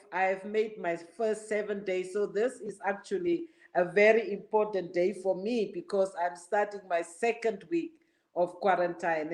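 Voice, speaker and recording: A speaker giving warm, proud congratulations on a book launch. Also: male voice, high-pitched, roomy sound. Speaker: guest speaker.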